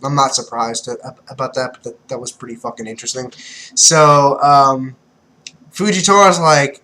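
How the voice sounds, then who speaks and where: A young man giving casual, excitable manga commentary, swearing freely and laughing often. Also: mid-range voice, normal speed, rough recording. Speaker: manga reviewer.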